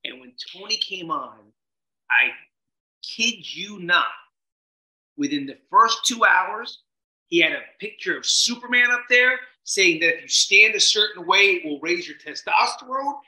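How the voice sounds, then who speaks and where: A man guesting on a podcast, telling a story in an animated way, acting out quotes and swearing casually. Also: sits high, unhurried, reverberant, low-quality recording.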